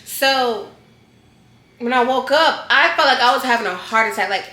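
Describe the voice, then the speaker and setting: A woman vlogger telling a storytime in a casual, slangy way, animated and acting out scenes. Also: fairly high pitch, moderate pace. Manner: animated, slangy, acts out scenes with loud yells. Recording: echoey room.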